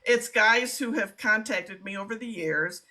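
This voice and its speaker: A woman's voice: medium pitch, a little slow, bright, forceful tone. A woman hosting a casual live-stream chat, rambling and chatty with frequent laughs. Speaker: livestream host.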